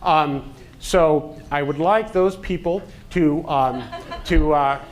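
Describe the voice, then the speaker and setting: A man, a physician, presenting a medical education talk to clinicians in a joking, halting way with fillers. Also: a little high.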